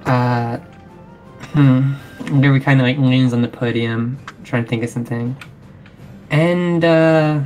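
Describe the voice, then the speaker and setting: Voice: medium pitch, steady tone, darkish tone, faint music behind. A player giving an in-character campaign speech in a tabletop game, hesitant and full of ums. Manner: hesitant, many ums and pauses.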